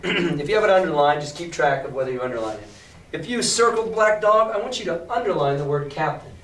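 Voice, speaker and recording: A male teacher reading a novel aloud to a class and explaining it in a lively, emphatic way. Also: a little high, fairly quick. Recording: echoey classroom from far off.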